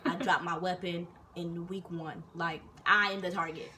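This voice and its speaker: A young woman vlogger telling a casual story in an animated way, swearing freely and acting out what people said. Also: on the low side, moderate pace, slight background noise.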